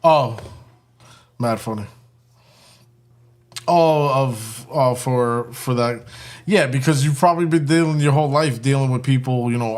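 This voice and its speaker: A man's voice: mid-range voice, unhurried, pauses often, a little mellow. A man hosting a casual live stream and joking with his chat while building a kit, often breaking into laughter.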